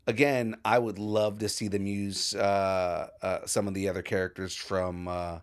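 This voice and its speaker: A man's voice: deep voice, level tone, a little slow, clean tone. A man co-hosting a geek culture podcast, chatting casually and hesitantly with many restarts. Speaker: podcast co-host. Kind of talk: casual chat.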